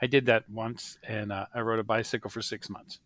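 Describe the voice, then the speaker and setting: This man in his thirties co-hosts a podcast, spinning stories in casual conversation and performing the voices of the characters as an animated storyteller. He speaks briskly in a lowish voice, and the recording is dry.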